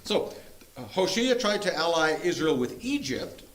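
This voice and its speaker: Lively, playful man leading a Bible study. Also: fairly high pitch, moderate pace. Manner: playful, jokes and sound effects. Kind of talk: casual teaching of a group.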